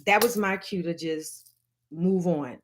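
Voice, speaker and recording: Animated woman telling a family story. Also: on the low side, takes it slowly. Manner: animated, swearing, mimics the people she quotes. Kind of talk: casual storytime monologue.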